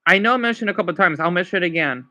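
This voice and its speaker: High bright-voiced man chatting on stream. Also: animated, very fast. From Arizona, US. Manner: rambling, emotional, apologetic. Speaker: livestream host. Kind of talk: casual livestream chat with viewers.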